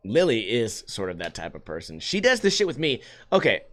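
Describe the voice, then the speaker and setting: A man's voice: mid-range voice, wildly swooping pitch, brisk, a bit bright. A man hosting a podcast, telling a restaurant story in a casual, ranting, profane way. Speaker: podcast host. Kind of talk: casual chat.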